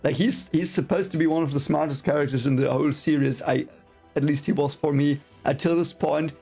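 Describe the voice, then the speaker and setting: A man's voice: on the high side, steady tone, a little fast, creaky, warm tone, slightly rough, soft background music. A man reading a fantasy novel aloud for the first time and ranting in frustration, apologizing and repeating himself as he vents. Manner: frustrated, swearing, apologetic rants with repeated phrases. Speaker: book reaction reader.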